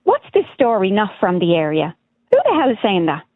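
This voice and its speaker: A woman's voice: mid-range voice, huge pitch swings, fairly quick, no echo. A woman caller, speaking indignantly on a phone-in and often breaking off to restart her sentences. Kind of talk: phone-in call. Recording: tinny phone line.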